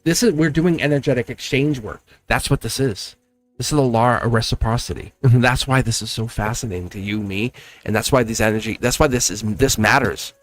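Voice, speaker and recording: A man hosting a members-only tarot livestream in casual chat, animated and laughing often as he talks to his viewers. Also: medium pitch, brisk. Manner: chatty and animated, laughs often, acts out quoted exchanges. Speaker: tarot reader and channel host.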